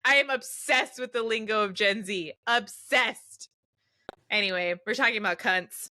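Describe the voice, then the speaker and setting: A woman's voice: a little high, a little slow, bright, forceful tone. A young adult woman co-hosting a podcast, chatting casually and enthusiastically and swearing freely. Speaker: podcast co-host. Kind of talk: casual chat.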